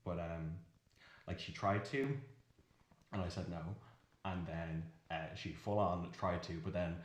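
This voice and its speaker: Young man, very deep voice, halting confessional monologue, echoey room. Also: steady tone. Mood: hesitant. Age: young adult. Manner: halting, many restarts and nervous laughs. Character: awkward young man recounting an uncomfortable night. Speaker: interviewee in a verbatim film. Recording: roomy echo.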